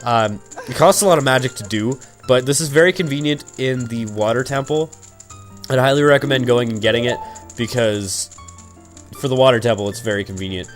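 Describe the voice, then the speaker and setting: A man's voice: mid-range voice, fairly quick. Young man rambling over game music. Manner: rambling, crude, full of fillers. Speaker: let's play commentator. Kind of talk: casual gameplay commentary.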